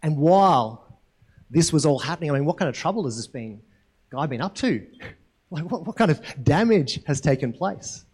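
A man preaching a sermon in a relaxed, conversational way who keeps checking in with his listeners by asking "right?". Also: fairly high pitch, normal speed, husky. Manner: conversational, asks the congregation questions, frequent tag "right?". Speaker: pastor.

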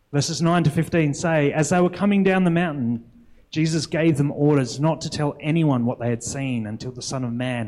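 A man's voice: fairly high pitch, darkish tone, rough recording. A young adult man preaching a sermon in an earnest, reflective way, often posing rhetorical questions to the congregation.

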